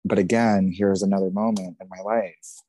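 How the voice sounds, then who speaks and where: A man in his thirties shares a painful story on a podcast in a very low, dark voice, swearing freely and going over the same points again. He talks at normal speed with fairly even intonation, raw and intense, and the recording is close and dry.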